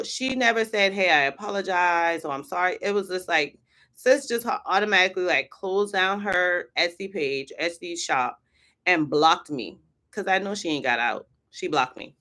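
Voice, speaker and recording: A woman's voice: lowish voice, sharp tone. A woman, chatting casually and sassily with viewers on a livestream as the host. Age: adult. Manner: chatty and sassy, addresses viewers as y'all. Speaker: HR content creator and host.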